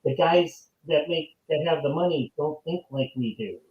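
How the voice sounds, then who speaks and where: Animated man ranting, echoey room. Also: a little high, normal speed, highs cut off. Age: 40s. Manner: animated, rambling, repeats "it's like", mock outbursts. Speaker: co-host of a movie podcast. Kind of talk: casual chat.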